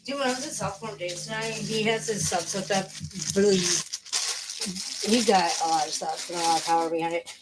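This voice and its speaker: A woman's voice: mid-range voice, brisk, very noisy. A woman streamer in casual livestream chat at home, rambling and swearing heavily. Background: loud music playing.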